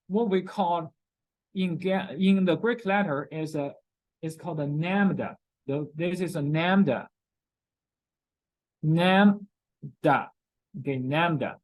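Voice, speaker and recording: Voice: medium pitch, darkish tone, rough recording. A chemistry lecturer in a recorded class, repeating key terms, checking in often with "okay?", and speaking with non-native grammar.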